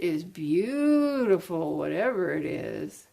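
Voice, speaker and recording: Woman, low gravelly voice, unhurried, gushing plant-unboxing vlog chat. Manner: gushing, exclaiming over each plant. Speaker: plant vlogger.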